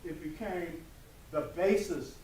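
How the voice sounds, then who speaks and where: An older man lectures a college class in a preacherly call-and-response style, often asking whether his listeners follow. His voice sits high for a man. He is recorded from a distance in an echoey room with faint noise behind him. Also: slow, darkish tone. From United States. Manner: preacherly, asks the room for affirmation. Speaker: lecturer speaking to college students.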